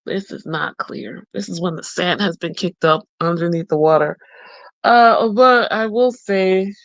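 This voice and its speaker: A woman talks slowly and unhurriedly into a close microphone, in a dry room with no echo. She reads each card's short blessing aloud. Then she thinks aloud about the picture, trailing off and starting again. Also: on the low side, gravelly. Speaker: tarot and oracle deck reviewer. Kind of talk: casual deck walkthrough. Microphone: close mic.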